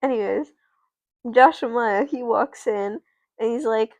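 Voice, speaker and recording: A woman streamer improvising a doll story who rambles, corrects herself and swears. Her fairly high voice is slow with a gravelly texture. The sound is close and dry. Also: darkish tone, dry recording.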